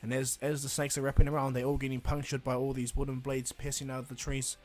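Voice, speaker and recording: A man narrating a fan-fiction story in a loose, rambling way, full of fillers and "and he goes". His pitch sits in the middle range, and faint music plays behind him. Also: level tone, fast talker. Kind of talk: casual fan-fiction retelling.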